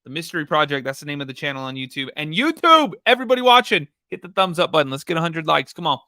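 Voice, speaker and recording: A woman's voice: sits low, quick pace, dry recording, clean studio sound. A woman hosting a live stream, reacting to an interview clip with incredulous comments and calls to follow. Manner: incredulous, animated.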